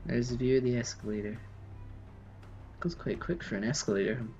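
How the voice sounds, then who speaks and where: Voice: mid-range voice, normal speed, darkish tone, muffled recording. A streamer talks casually through a live gameplay session. They chat with viewers in a mid-range voice and answer questions as they come in. Faint music runs underneath. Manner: chatty, reads and answers chat while playing.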